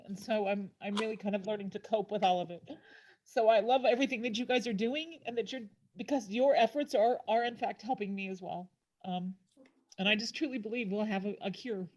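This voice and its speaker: A woman in her fifties, tearful and emotional, telling her story haltingly with many restarts as a walk team captain on a video call. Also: mid-range voice, a little mellow. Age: 50s. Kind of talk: personal testimony on a video call.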